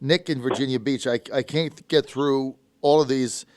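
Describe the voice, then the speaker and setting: Brisk male talk radio host. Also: mid-range voice, steady tone, dry recording. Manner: brisk, informal, reads listener texts aloud.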